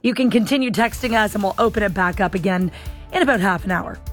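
A woman's voice: mid-range voice, fast talker, faint music behind. Chatty woman hosting talk radio. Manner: chatty, self-deprecating. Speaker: radio host.

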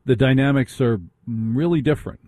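A man's voice: mid-range voice, normal speed, mellow, dry recording. A middle-aged man hosting a talk radio show, ranting with indignant rhetorical questions. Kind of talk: opinionated talk radio monologue.

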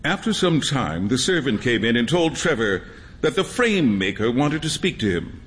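A man narrating a storybook reading in an expressive, measured storytelling manner. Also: mid-range voice. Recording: long hall reverb.

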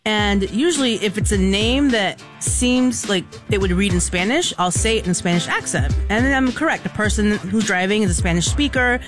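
A woman's voice: medium pitch, normal speed, hardly any pauses, faint music behind. A woman co-hosting a radio show, telling stories casually on air and acting out the voices of people she quotes. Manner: animated, acts out quoted voices. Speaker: radio co-host. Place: radio studio. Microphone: studio microphone.

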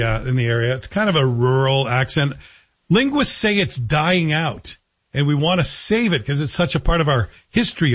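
A man's voice: mid-range voice, a bit bright, husky, dull audio. A man from Scotland hosting a morning talk radio show in a chatty, playful way, mimicking voices now and then. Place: radio studio.

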